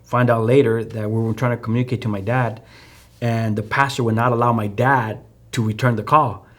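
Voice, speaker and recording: A man's voice: medium pitch, fairly even intonation, brisk. A man with a Chicano English accent, a guest telling a personal testimony in a loose, storytelling way, with many fillers and restarts. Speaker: podcast guest.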